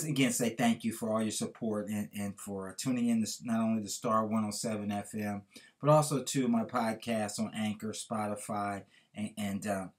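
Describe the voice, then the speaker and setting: A man hosting a podcast, telling a motivational story with earnest, preacher-like emphasis. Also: on the low side. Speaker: podcast host.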